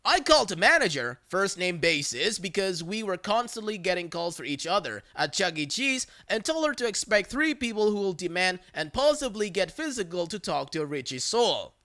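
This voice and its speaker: A narrator reading a story aloud, dry and matter-of-fact. The voice is bright with a lively, animated pitch, at an even, middle height. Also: moderate pace, few pauses.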